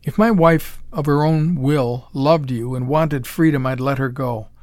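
A man's voice: mid-range voice, measured pace, darkish tone, no room sound, lightly acted. A man voicing a desperate, cornered male hero who speaks in an urgent, strained way.

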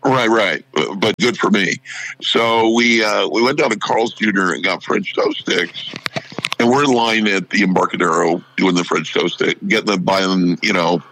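Middle-aged male storyteller, low and gravelly, acts out every voice in his tale. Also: moderate pace, poor audio. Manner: animated anecdote teller who acts out quoted voices. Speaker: radio show personality. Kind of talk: casual storytelling.

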